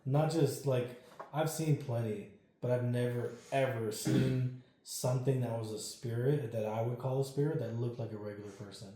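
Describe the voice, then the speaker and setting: A man's voice: mid-range voice, moderate pace. A man telling a ghost story as a podcast guest, casual and full of swearing. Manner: profane, animated storyteller. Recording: very echoey room.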